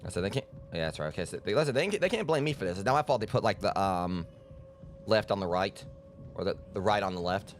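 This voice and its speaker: A man's voice: low-pitched, quick pace, a little hiss or hum. A man giving rambling, self-deprecating let's-play commentary as a game streamer, full of fillers and restarts.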